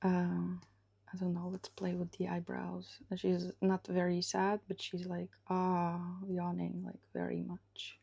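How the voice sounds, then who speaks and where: A woman illustrator talking through a live drawing session, thinking aloud slowly and often dropping to a half-whisper as she works. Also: fairly low pitch, monotone, creaky, dark tone, breathy edge.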